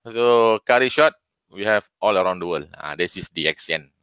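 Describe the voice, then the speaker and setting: A man's voice: deep voice, lively intonation, normal speed, fairly bright tone, clear, resonant tone, no room sound. A man hosting a live online session, speaking hesitantly with many fillers.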